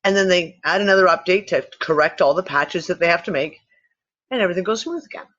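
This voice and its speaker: A man hosting a discussion show, thinking out loud in loose, rambling speech with casual swearing and frequent restarts. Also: high-pitched, fast talker. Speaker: podcast host. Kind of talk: casual speculative talk. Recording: dull lo-fi recording.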